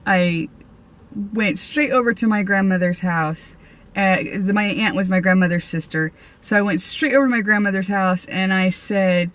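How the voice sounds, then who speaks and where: A woman medium chats to her viewers about her ghost stories, animated and laughing often. Her voice sits at an ordinary middle pitch, and she talks informally, with plenty of ums and restarts. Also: moderate pace. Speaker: spiritual medium vlogger. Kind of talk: casual storytelling to camera.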